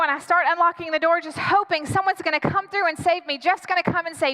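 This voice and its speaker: A woman pastor tells a personal story from the pulpit, dramatic and animated as she acts out her own panic. Her voice sits very high and sounds bright and forceful. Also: fast talker, few pauses, in a large hall. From United States. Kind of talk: storytelling sermon.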